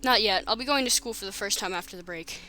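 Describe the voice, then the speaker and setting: A woman's voice: medium pitch, fast talker, pushed and bright, close to an everyday voice. A woman voicing a nervous, polite young boy who answers in a shaky voice.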